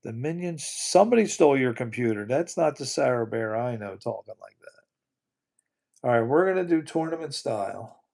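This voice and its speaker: A man's voice: mid-range voice, expressive, moderate pace, gravelly, darkish tone. A man hosting a casual livestream, rambling and repeating his words, often breaking into disbelieving exclamations. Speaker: livestream host.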